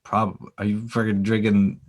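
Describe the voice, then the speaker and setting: A man co-hosting a casual chat show, his voice sitting on the low side. He answers with dry, deadpan one-liners and crude jokes. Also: moderate pace, dry recording. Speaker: podcast co-host.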